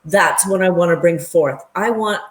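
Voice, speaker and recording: A woman's voice: fairly low pitch, moderate pace. A woman in her fifties, a guest in a casual chat, speaking earnestly and emotionally. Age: 50s. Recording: echoey room.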